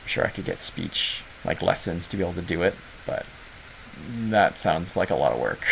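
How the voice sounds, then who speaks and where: A man with a deep, creaky, slightly rough voice and a fairly bright tone speaks at normal speed in an animated way, with a Southern Ontario Canadian accent. He hosts a gaming club's online office hours as a casual livestream chat, rambling and self-deprecating with many fillers. The recording is rough.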